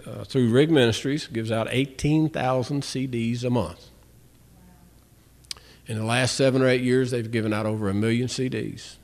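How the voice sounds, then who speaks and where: A man with a drawl gives a Christian testimony in plain, folksy speech. He tells his stories by acting out both sides of each conversation, often restarting his sentences as he goes. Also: mid-range voice. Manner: storytelling, acts out both sides of dialogues. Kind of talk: spoken testimony.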